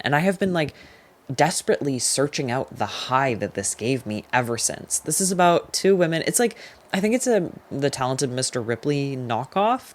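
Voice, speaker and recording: In a mid-range voice, a young adult reviews books in a relaxed vlog, chatty and opinionated. They lean on "like" as filler and hand down quick, emphatic judgments.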